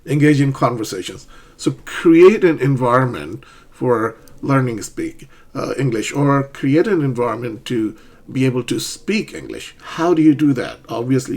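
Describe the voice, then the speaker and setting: A man in middle age giving an English lesson. His voice is a bit husky and sits at an ordinary pitch. He explains patiently and keeps checking that learners follow with "right?" and "okay?". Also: a little mellow. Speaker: English teacher.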